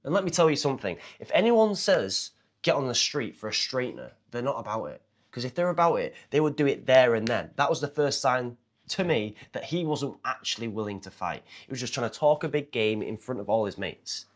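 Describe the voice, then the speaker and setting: A man's voice: mid-range voice, lively intonation, a little fast. A young man with a fighter's background, retelling a story casually and animatedly, acting out the people in it. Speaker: martial arts fighter and confidence coach.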